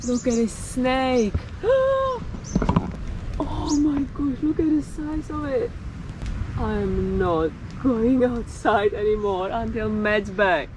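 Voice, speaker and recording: Slow-talking woman, noisy outdoor clip. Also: a little high. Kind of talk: casual handheld vlog. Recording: outdoor footage with clear background noise.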